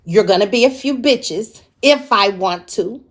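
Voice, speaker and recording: Woman host for a live-stream rant: unhurried, emphatic, openly combative and profane. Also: mid-range voice, expressive. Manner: confrontational, profane, warning; drawn-out emphatic delivery.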